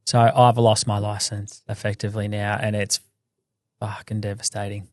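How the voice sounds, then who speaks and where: A man's voice: fairly low pitch, completely flat delivery, normal speed, no echo, studio quality. Laid-back man co-host, blunt and sweary. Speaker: podcast co-host. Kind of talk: casual chat.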